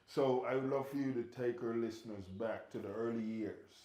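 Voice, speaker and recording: A man hosting an interview, enthusiastic and full of quick affirmations. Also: medium pitch, fairly even intonation, warm tone, echoey room. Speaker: host.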